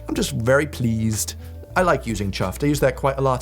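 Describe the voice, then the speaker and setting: A man's voice: medium pitch, soft background music. A young man, casually joking through a quiz and reading definitions aloud with mock outrage. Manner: playful, joking, quick laughs and mock outrage. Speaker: video host.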